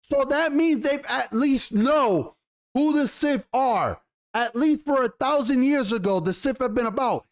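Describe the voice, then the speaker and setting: A man's voice: extremely high pitch, unhurried. A man ranting in an exasperated tone as he reviews a TV episode, swearing often and restarting his sentences. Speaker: YouTube TV show reviewer.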